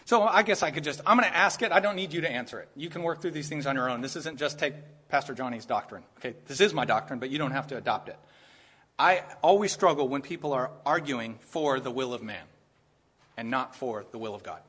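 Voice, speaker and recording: A man's voice: mid-range voice, expressive, brisk, fairly bright tone, breathy edge. A male pastor preaching an expository sermon in a conversational way, often checking in with "right?" and growing emphatic as his point builds.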